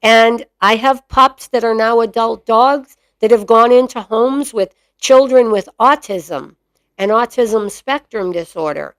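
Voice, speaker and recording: A woman's voice: on the high side, unhurried, no echo. A middle-aged woman hosting her own podcast in a chatty, opinionated monologue, full of fillers. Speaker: mastiff breeder and podcast host.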